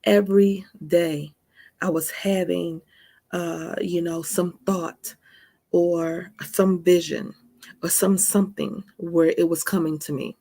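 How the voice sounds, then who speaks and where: Slow and fairly even, her lowish, dark-toned voice carries a candid personal testimony. This faith podcast host in her forties keeps it earnest and conversational, frequently adding "right?"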